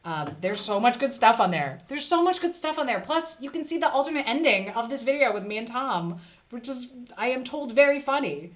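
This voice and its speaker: A woman's voice: fairly high pitch, animated, moderate pace. Chatty woman hosting a live stream. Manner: chatty, reads chat aloud, playful asides. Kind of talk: casual live stream chat.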